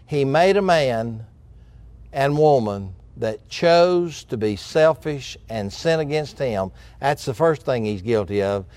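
A man's voice: mid-range voice, darkish tone, no room sound. A man preaching a sermon, acting out Bible dialogue with dramatic emphasis.

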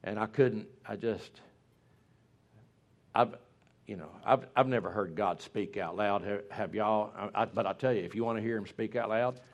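A man's voice: on the low side, moderate pace. A middle-aged man preaching a sermon, emphatic and repeating words for weight.

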